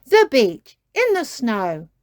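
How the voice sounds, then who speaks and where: Storybook mummy pig, calm and cheerful, drawn-out and lilting; a woman reads her. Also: fairly high pitch, dry recording, studio quality, pitched above the performer's own voice, heavily acted. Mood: pleasant. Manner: gentle, sing-song, unhurried. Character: cheerful grown-up mother pig.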